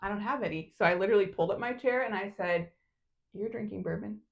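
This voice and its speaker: A woman's voice: medium pitch, quick pace, gravelly, dull audio. A young adult woman from Kentucky with a light Kentucky accent, co-hosting a casual podcast chat and laughing often. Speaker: podcast co-host.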